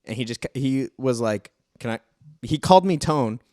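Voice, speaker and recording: A man's voice: mid-range voice, animated, moderate pace, a little mellow, dry recording, clean studio sound. A young man co-hosting a podcast, telling stories in casual chat and swearing freely. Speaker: podcast co-host.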